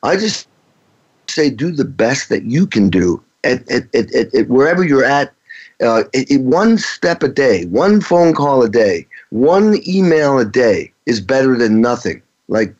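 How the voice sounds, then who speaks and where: Brief: middle-aged male drummer guest, rambling anecdotal delivery, mid pitch, dull lo-fi audio. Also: a little mellow, slightly rough. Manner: rambling, anecdotal, frequent restarts. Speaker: touring rock drummer, guest. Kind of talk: casual interview storytelling. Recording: dull lo-fi sound.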